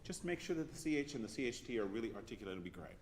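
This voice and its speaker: A man's voice: mid-range voice, big pitch swings, racing, a little mellow. A man coaching a choir in rehearsal, giving precise, encouraging diction corrections. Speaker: choir conductor. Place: large rehearsal hall with choir. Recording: reverberant rehearsal hall with faint noise.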